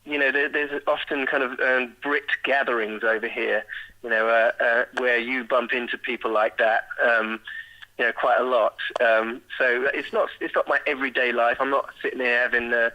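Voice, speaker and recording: A man's voice: mid-range voice, steady tone, dull audio. An English man in his forties, a guest on an interview, chatting casually with plenty of fillers and easy laughs. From England. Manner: chatty and self-deprecating, with many fillers and quick laughs.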